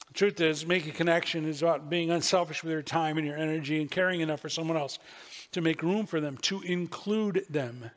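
A man's voice: fairly high pitch, fairly even intonation, brisk. A man preaching a sermon as pastor, telling folksy stories with asides. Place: church sanctuary. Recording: long reverb of a church hall.

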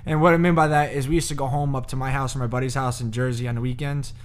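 A man's voice: mid-range voice, fairly even intonation, very fast. A man co-hosting a podcast, telling loose stories in casual chat and laughing often. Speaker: podcast co-host.

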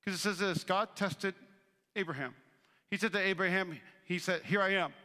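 A man in his thirties preaching a sermon as pastor, animated and joking, acting out the voices he quotes. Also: high voice, moderate pace. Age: 30s. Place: church auditorium. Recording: long reverb of a large hall.

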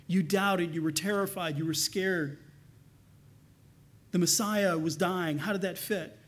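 A man with a high, light voice preaching a sermon. He is earnest, pressing some points loudly and dropping to a near hush on others. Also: unhurried. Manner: earnest, swings between loud emphasis and soft hushed lines. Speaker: pastor.

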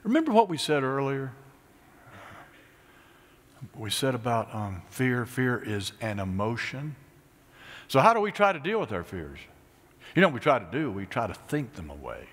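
Guy preaching in a big echoey church, gets real animated then drops to a hush. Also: normal speed, long pauses, breathy edge. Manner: animated, rising to high excited peaks then dropping to hushed near-whispers. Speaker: pastor. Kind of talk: sermon.

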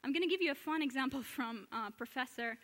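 Woman giving a church talk, high voice, earnest, lots of questions and restarts, long echo in the hall. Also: fast, a bit bright. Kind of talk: public lecture.

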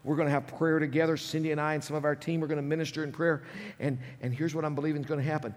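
A high-pitched male pastor delivers an animated sermon, his voice rising into loud emphasis and dropping to near-hushed phrases. The sound carries a long reverb, as from a large church sanctuary. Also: very fast. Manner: animated preaching, swinging between loud and hushed.

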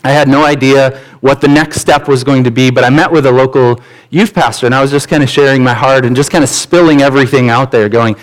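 A man's voice: mid-range voice, brisk, low-quality recording. A male pastor preaching a sermon in a candid, conversational way, dropping in casual slang.

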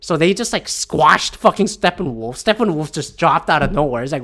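A man hosting his own podcast and venting with plenty of swearing. His pitch leaps up and down in a lively, exasperated rant, and he sounds a little teary and keeps gulping. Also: moderate pace, few pauses. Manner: profane, exasperated ranting. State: teary and gulping after a swab test. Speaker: podcast host.

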